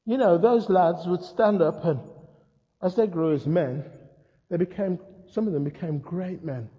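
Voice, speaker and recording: An older man preaching a sermon, telling stories with humor and lively asides. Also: high voice, unhurried. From England. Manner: storytelling, humorous, animated asides. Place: church hall. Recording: muffled sound in a reverberant hall.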